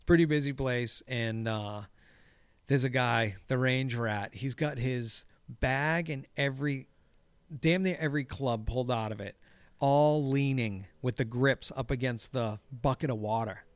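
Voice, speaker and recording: A man in casual chat about golf, swearing freely and telling stories with lively energy. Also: mid-range voice, measured pace, smooth, no room sound. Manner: profane, animated storyteller. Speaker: podcast co-host.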